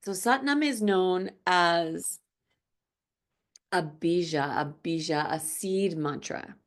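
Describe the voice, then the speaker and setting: A woman teaching a gentle yoga class, speaking softly and slowly. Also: fairly low pitch. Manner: slow, soft-spoken, drifts into quiet chanting.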